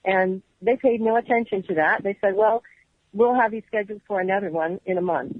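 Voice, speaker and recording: A woman calls in to a radio show and recounts her experience in careful, earnest detail, voicing the people in her story as she goes. Her voice has a middle pitch and sounds dry and close on the phone line, with no room around it. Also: a little fast, no room sound. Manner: earnest, detailed storyteller who acts out quoted dialogue. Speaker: radio guest, former agency employee.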